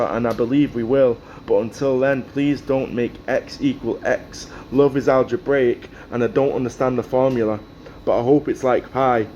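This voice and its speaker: Male spoken word poet, measured rhythmic reading, mid-pitched voice, faint ambient hiss. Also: darkish tone, dull audio. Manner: rhythmic, measured poetic delivery. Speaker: guest poet and performer. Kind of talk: spoken word poetry performance.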